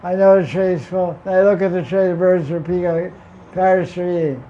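A man reading a devotional text aloud and then adding his own informal commentary, unhurried and often repeating words as he goes. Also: high voice, steady tone, dull audio. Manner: unhurried, repeats words and restarts, homely examples. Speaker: spiritual teacher reading and commenting on scripture.

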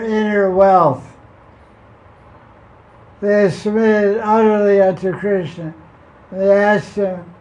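A man reading a devotional text aloud and then adding his own informal commentary, unhurried and often repeating words as he goes. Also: high-pitched, darkish tone, lo-fi sound. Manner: unhurried, repeats words and restarts, homely examples. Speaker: spiritual teacher reading and commenting on scripture.

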